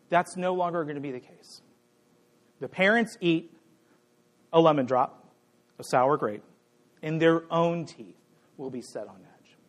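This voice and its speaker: Lively, high-voiced man preaching a sermon. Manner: conversational, playful, jokes with the congregation. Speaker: pastor. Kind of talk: sermon with a live demonstration.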